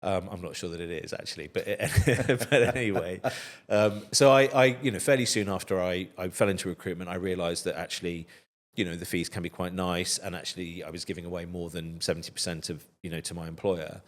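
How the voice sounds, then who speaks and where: A man's voice: deep voice, steady tone, fast. A man in his fifties, an interview guest who speaks thoughtfully with frequent restarts and hesitations. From United Kingdom. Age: 50s. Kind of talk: casual interview chat.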